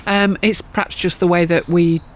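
A woman's voice: lowish voice, flat delivery, normal speed. A woman co-hosting a casual gardening chat, teasing her partner and explaining things step by step. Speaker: co-host.

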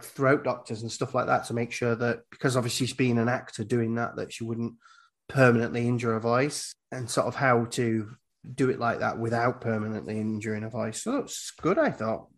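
A man in casual podcast talk, recapping a film scene by scene. He keeps a mid-range voice and slips into the characters' lines as he goes. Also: medium pitch. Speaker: podcast host.

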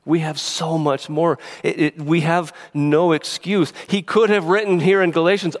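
A man's voice: a little high, fairly even intonation, normal speed, hardly any pauses. A man preaching a sermon in an earnest, emphatic way, often restarting his words. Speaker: pastor.

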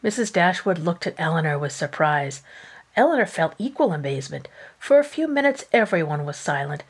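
A woman podcast host reading a novel aloud. Her delivery is upbeat and clear. Her voice sits on the low side for a woman. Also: sing-song, brisk.

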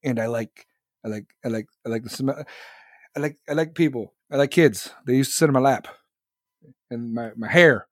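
A man's voice: mid-range voice, normal speed, no room sound, studio quality, pitched below the performer's own voice, lightly acted. A man putting on a mocking impression of a rambling, confused old male politician who mumbles and repeats himself.

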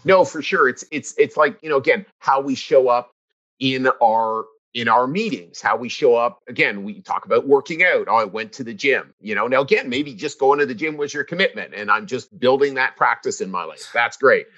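A man's voice: mid-range voice, expressive, moderate pace, sharp tone, lo-fi sound. A middle-aged man co-hosting a casual talk, telling a personal story in an earnest, reflective way with frequent restarts. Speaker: podcast co-host. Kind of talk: casual conversation.

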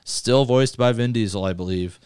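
A man hosting a casual movie podcast, talking loosely with swearing and rattling through a list fast. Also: medium pitch, darkish tone, smooth, no room sound, studio quality. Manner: loose, profane, reads lists quickly. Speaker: podcast host.

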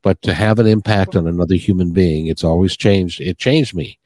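A man's voice: low-pitched, moderate pace, darkish tone, no echo. A man hosting a podcast interview, talking earnestly and rambling with many restarts. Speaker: podcast host. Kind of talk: heartfelt podcast interview chat.

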